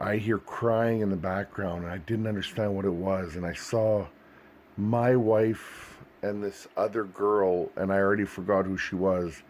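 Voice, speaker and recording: A man's voice: fairly low pitch, a little mellow, slight background noise. A man earnestly recounting a vivid dream in a searching, storytelling way. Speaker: Christian video host.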